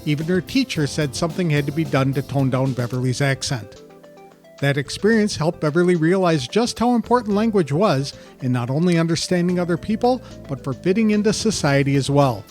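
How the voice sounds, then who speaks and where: Older man, podcast host, measured intro read, faint music bed. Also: fairly high pitch, expressive, darkish tone. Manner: measured, reads a prepared introduction. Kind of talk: scripted podcast intro and interview.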